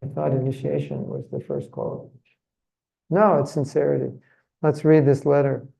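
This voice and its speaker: A man's voice: a little high, fairly even intonation, fairly quick, vocal fry, dark tone, poor audio. A man giving a religious seminar talk in a chatty, humorous, self-deprecating way. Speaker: seminar speaker.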